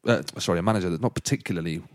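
A man co-hosting a casual football chat, lively and questioning, pushing his points with repeated rhetorical questions. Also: low voice, rapid-fire. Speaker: podcast co-host.

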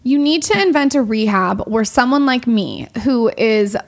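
A woman with a slightly high voice, talking casually as a guest. She speaks hesitantly and repeats words before settling into a point. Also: animated, moderate pace. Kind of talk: casual conversation.

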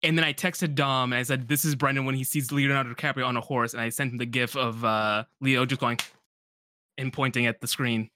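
A man in casual chat, telling a quick story with animation. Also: mid-range voice, fairly even intonation, pushed and bright, dry recording.

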